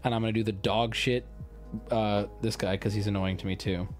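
A man streaming live, chatting casually with his viewers while he opens card packs, swearing and switching between loud bursts and mumbling. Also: fairly low pitch, fairly even intonation, a little fast, faint music behind.

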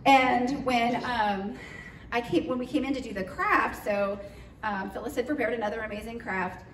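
A woman who led a mission trip recaps it for her church in a fairly high voice at a moderate pace, chatty and animated, with lots of fillers and acted-out quotes. The recording picks her up from afar in a roomy, echoing hall, with a little hiss or hum.

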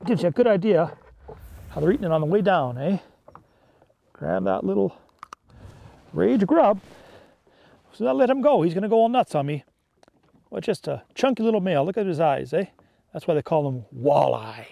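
A man chatting excitedly and folksily while fishing from a small boat on a lake. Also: high voice, moderate pace, vocal fry, pauses often. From Canada. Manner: excitable, folksy, peppers talk with "eh". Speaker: fishing vlogger. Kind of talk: casual on-the-water chat.

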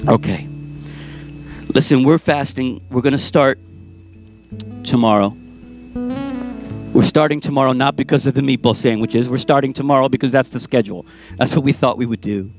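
A pastor preaching a sermon with passion, moving between loud, urgent lines and hushed ones. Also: male voice, medium pitch, normal speed, long pauses, faint music behind. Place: church sanctuary.

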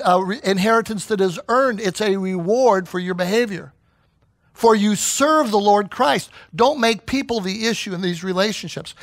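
High-voiced, animated male pastor preaching. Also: no echo. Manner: animated storyteller who acts out quoted voices. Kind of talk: sermon.

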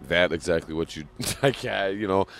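A man's voice: sits low, moderate pace, creaky, a bit bright. A young man co-hosting a podcast, rambling and joking in a profane, casual way. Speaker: podcast co-host. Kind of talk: casual crude banter.

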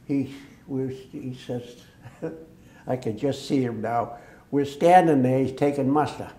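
A man's voice: mid-range voice, slow. Older man telling war stories. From Massachusetts. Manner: lively storyteller who acts out quoted dialogue. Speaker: veteran interviewee. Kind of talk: oral history storytelling. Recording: echoey room.

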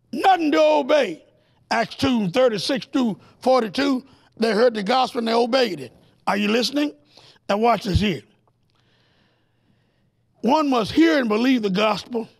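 A male preacher with a strikingly high voice and a gravelly, fried edge teaching a televised Bible lesson. He presses his points hard, fires rhetorical questions at the audience, and pushes up into excited, almost shouted highs. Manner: rising to excited, near-shouted peaks.

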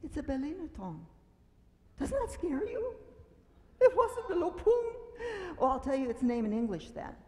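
A woman telling a children's story at a church service, animated and dramatic, acting out fearful cries and screams. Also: high-pitched, moderate pace, big-room sound. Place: large meeting hall.

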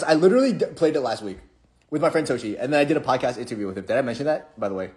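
A man's voice: mid-range voice, lively intonation, very fast, darkish tone. A young man hosting a casual live stream, reading viewer comments aloud and answering them in a playful, jokey, rambling way. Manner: playful, jokey, rambling with restarts and sudden mock-sad drops.

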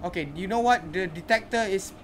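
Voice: medium pitch, a little fast, fairly bright tone, a little hiss or hum. A gamer giving casual commentary while playing, chatting to the characters and reacting aloud.

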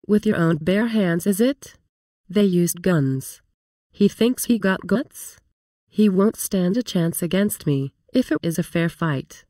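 Woman reading as a vengeful wolf, low and dry. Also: lively intonation, slow pace, warm tone, dry recording. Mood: scornful. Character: bitter vengeful male wolf, first-person teller.

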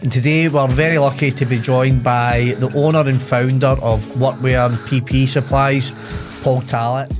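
Relaxed podcast host. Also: male voice, mid-range voice, normal speed, over music. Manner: relaxed, asks friendly open questions. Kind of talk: casual podcast interviewing.

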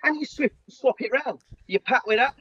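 A man's voice: extremely high pitch, moderate pace, a bit bright, husky, dull audio, full character voice. A man playing a big, earnest, clueless self-styled diet guru in a comedy sketch, instructor patter full of "yeah?" and "right?". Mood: instructive.

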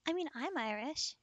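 Giggly high-voiced woman, lively. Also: no room sound, lo-fi sound. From United States. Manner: giggly, laughs often, playful teasing. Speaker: streamer host. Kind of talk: casual gaming chat.

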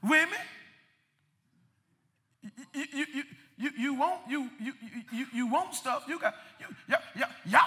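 Man preaching, real high piercing voice, keeps repeating himself, echoey church. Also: measured pace. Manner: repeats words, builds to shouted peaks. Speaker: pastor. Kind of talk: sermon. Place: church sanctuary. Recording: long reverb of a church hall.

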